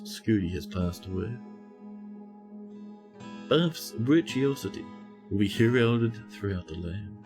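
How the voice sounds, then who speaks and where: Male streamer, mid pitch, very lively intonation, chatty gameplay commentary over faint guitar. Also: takes it slowly, pauses often. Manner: chatty, talks to chat while playing; exclaims and scolds game characters.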